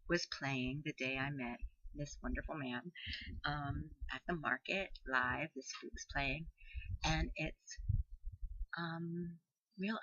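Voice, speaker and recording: A woman's voice: on the low side, pushed and bright, no room sound, highs cut off. A woman telling a personal story, rambling with fillers, swinging between laughter and tears. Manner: emotional, laughing and tearful in turns.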